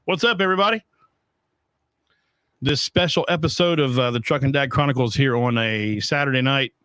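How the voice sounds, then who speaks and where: A man's voice: mid-range voice, moderate pace, a bit bright, no echo, studio quality. A middle-aged man hosting a casual home podcast, talking bluntly with a lot of profanity and rambling asides. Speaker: podcast host. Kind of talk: casual chat.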